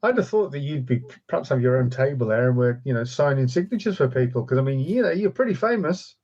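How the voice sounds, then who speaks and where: Male podcast co-host, asks questions, quick agreements, dull lo-fi line. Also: medium pitch, expressive, darkish tone. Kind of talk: casual chat.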